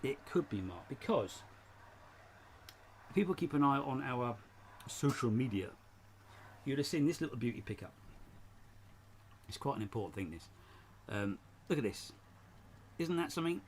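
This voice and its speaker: A man's voice: mid-range voice, sing-song, moderate pace, long pauses, slight background noise. A man hosting a casual live stream from his shed, rambling and chatty, often laughing as he talks. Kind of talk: casual chat. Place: home shed.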